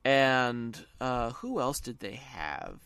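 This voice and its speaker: A man's voice: mid-range voice, big pitch swings, takes it slowly, bright, forceful tone, smooth, dry recording. Enthusiastic rambling podcast host man. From American South. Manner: rambling, enthusiastic, restarts phrases. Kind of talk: casual movie chat.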